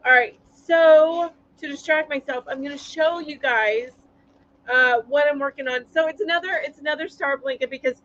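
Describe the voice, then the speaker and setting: High-voiced chatty woman hosting a live stream. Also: animated, moderate pace, fairly bright tone, highs cut off. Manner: chatty, greets viewers, laughs often. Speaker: livestream host. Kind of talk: casual live chat.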